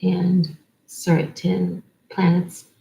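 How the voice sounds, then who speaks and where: A woman's voice: on the low side, completely flat delivery, extremely slow, gravelly, dark tone, poor audio. Rambling woman giving a spiritual reading. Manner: rambling, piles up lists of words. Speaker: oracle card reader. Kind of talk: spiritual card-reading monologue.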